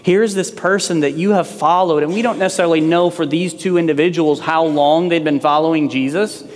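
A man's voice: on the high side, fairly even intonation, brisk, big-room sound, a little hiss or hum. A man preaching a sermon as pastor, in a conversational way that acts out quoted lines.

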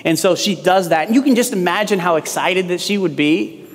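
A man's voice: sits high, a little fast, in a large hall. A man preaching a sermon as pastor, in a conversational way that acts out quoted lines.

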